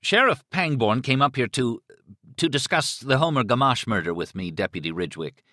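A strained, urgent man on the phone, his voice pitched higher and pushing hard, as an audiobook reader puts him on. He sounds rattled and pleading. The read is clear and dry, close to the mic. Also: expressive, normal speed, pushed and bright, no room sound. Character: tense panicked male novelist on phone. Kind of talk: audiobook character voice.

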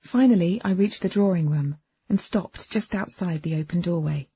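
A woman reads a first-person audiobook in a lively, expressive way. Her voice is very husky, with a gravelly edge. The studio recording is dry and a little dull. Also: lowish voice, normal speed, no echo. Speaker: audiobook narrator.

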